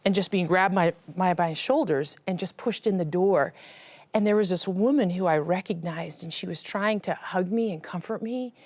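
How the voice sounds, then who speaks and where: Middle-aged woman, earnest emotional testimony, hushed and whispery in places, lowish voice, dry close sound. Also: normal speed, dry recording. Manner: earnest, drops to a hushed whisper at painful moments. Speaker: guest sharing her testimony.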